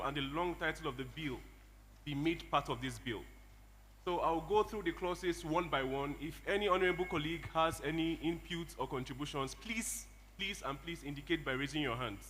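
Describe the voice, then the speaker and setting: A man chairing a model legislative session, briskly calling clauses and teasing colleagues lightly. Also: a little high, fairly bright tone. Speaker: presiding chairman of a model assembly. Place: large assembly chamber. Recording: reverberant hall, faint background hum.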